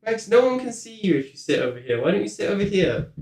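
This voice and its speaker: High, playful man streaming from an echoey room. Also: very animated, fast, darkish tone. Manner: playful, chatty, coos at his cat. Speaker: game streamer. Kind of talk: casual live-stream chat.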